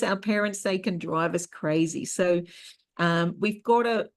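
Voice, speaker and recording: A middle-aged woman hosting an online workshop, teaching in a conversational way and telling personal stories. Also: mid-range voice. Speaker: workshop host and therapist.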